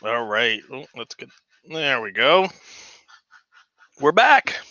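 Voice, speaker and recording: A man with a bright, sharp voice rambles through a casual home livestream, filling gaps with "uh" and "um" and getting excitable. The sound is dry and close but a little dull and lo-fi. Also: mid-range voice, takes it slowly, no echo. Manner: rambling, chatty, lots of fillers; gets excited and giddy. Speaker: livestream host. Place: home model railroad room.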